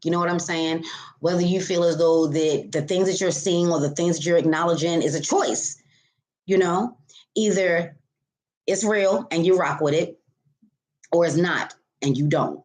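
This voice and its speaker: A woman's voice: on the low side, moderate pace, darkish tone. Profane, candid woman tarot reader. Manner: candid and profane, calling listeners baby and honey. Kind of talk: casual spiritual talk to viewers.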